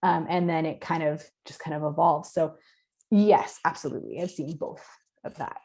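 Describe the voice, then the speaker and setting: A woman clinician explaining her approach in a podcast interview, earnest and direct, her voice going hoarse as she talks. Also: low-pitched, steady tone, moderate pace, darkish tone. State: losing her voice. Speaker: concussion clinician guest.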